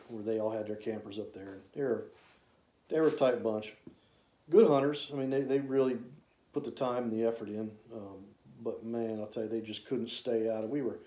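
A man, casually telling rambling, folksy stories about his old hunting camps, with drawn-out "uh" fillers. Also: lowish voice, dark tone. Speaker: hunter reminiscing. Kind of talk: casual storytelling. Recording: roomy echo.

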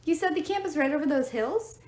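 A woman's voice: sits high, expressive, fairly quick, a little mellow, pitched above the performer's own voice. A woman doing a blunt, chirpy young girl. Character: fearless, bossy young girl. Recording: roomy echo.

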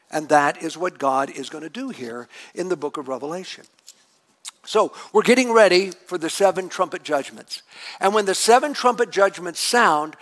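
A middle-aged man preaching a sermon as lead pastor, animated and acting out a furious prayer in a raised voice. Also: sits high.

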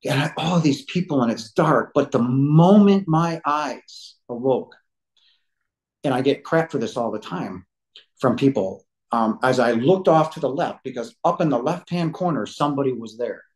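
A man's voice: medium pitch, normal speed, a little mellow, low-quality recording. A man in his fifties, a podcast guest telling a personal story at home, rambling and often saying "you know". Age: 50s. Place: living room couch at home.

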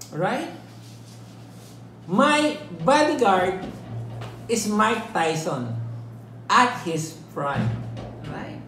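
A woman leads an interactive Bible study, emphatic and full of rhetorical questions, often checking in with "right?". Her voice is on the high side, and the echoey room carries faint ambience plus a little hiss or hum.

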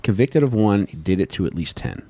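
A man's voice: sits low, very animated, fairly quick, mellow. A young man hosting a podcast, telling a true-crime story in a laid-back, profane way and laughing often. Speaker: podcast host.

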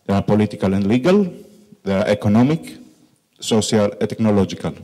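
Presenting at a conference in his role as country manager, this man speaks with a Greek accent carrying Italian influence, in a fairly low, dark, animated voice. He cracks jokes about his own English, says "uh" often, and drags out his asides for emphasis.

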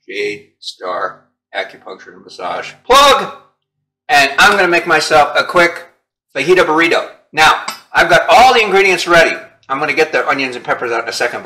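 A chatty chef walks viewers through a recipe in his home kitchen, full of enthusiasm and constant check-ins with the audience. His voice sits a bit high for a man and has a bright, forward edge. He talks casually, like a friend cooking next to you. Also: poor audio. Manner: chatty, keeps checking in with "okay?" and "right?"; upbeat and enthusiastic about the food. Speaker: chef hosting a cooking show.

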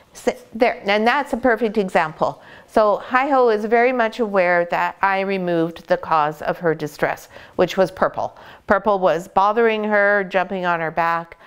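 A woman dog breeder calmly explaining puppy care, gently praising the dogs as she goes. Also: on the low side, clear, resonant tone. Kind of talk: instructional puppy-care talk.

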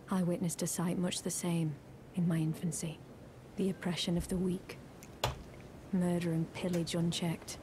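A grim young woman warrior from a fantasy game, voiced by an actress, solemn and measured. Her low voice stays flat and even. Gameplay noise plays clearly under her. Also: lightly acted.

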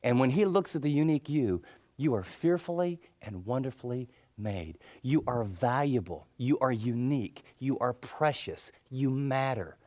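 A middle-aged male pastor preaching a sermon, telling stories and acting out the people in them, then dropping into soft, intense tones. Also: mid-range voice, moderate pace. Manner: storytelling, acts out quoted people, drops to soft intense tones.

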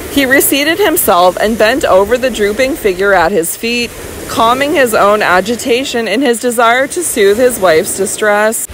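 A woman reads a classic novel aloud in a somewhat high voice. Her narration is dramatic and impassioned, with faint hum behind her. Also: animated, normal speed, a bit bright, poor audio. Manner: dramatic, impassioned literary reading. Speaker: audiobook narrator. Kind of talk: scripted narration.

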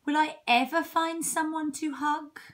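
A woman reading aloud, voicing a sad little male hedgehog who pleads softly for a hug. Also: sits high, steady tone, measured pace, pitched above the performer's own voice. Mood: sad pleading. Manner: soft, pleading and sniffly.

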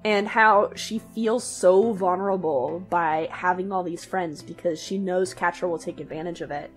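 A woman co-hosting a podcast in casual discussion, chatty and quick to laugh. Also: lowish voice, soft background music. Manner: chatty, laughs often, lots of "like" fillers. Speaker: podcast co-host.

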